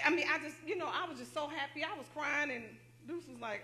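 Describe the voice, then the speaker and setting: A woman giving an excited testimony at a church service, calling out to the congregation as she tells her story. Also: high voice, brisk. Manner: excited, talks straight to the congregation with "y'all".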